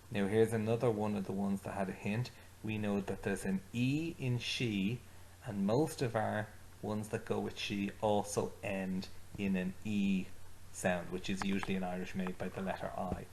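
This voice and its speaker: A man teaching a lesson, saying short phrases slowly and clearly for learners to repeat. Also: lowish voice, darkish tone, low-quality recording. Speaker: Irish language teacher.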